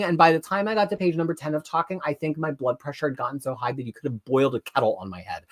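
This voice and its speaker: An excitable comic reviewer chatting through a live solo stream at a middling pitch. The delivery is quick and chatty, full of restarts, and it tips easily into loud, emphatic rants.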